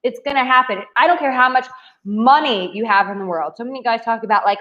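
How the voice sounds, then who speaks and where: A woman's voice: a little high, fast, dull audio. A woman dating coach giving blunt, profane advice to camera in a brash, emphatic way.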